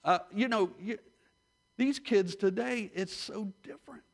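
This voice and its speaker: A man's voice: high voice, a little slow, gravelly. A middle-aged man pastor giving an emphatic sermon, repeating key lines for emphasis.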